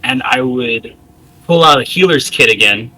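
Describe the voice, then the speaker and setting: A man's voice: medium pitch, lively intonation, normal speed, sharp tone, low-quality recording. A man playing a tabletop role-playing game, hesitantly describing what his character does. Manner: hesitant, with restarts. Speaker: player. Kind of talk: casual chat in a tabletop game.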